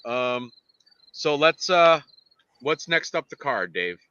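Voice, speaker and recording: A man co-hosting a casual fight-picks show, rambling and excitable with lots of restarts. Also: fairly high pitch, slow, clear, resonant tone, highs cut off. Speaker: podcast co-host and fight picker.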